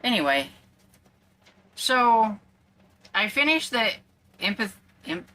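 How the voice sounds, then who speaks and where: A woman's voice: fairly high pitch, very animated, slow, sharp tone. A woman book vlogger chatting casually at home, rambling a little with plenty of fillers. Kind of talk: casual chat.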